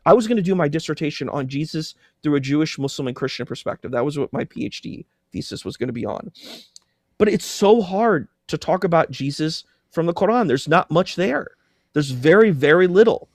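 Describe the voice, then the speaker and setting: A man chatting as a guest on a livestream, animated and openly exasperated. His voice sits a little higher than most men's. The recording is close and dry, with no room sound. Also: brisk, dry recording. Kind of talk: casual livestream chat.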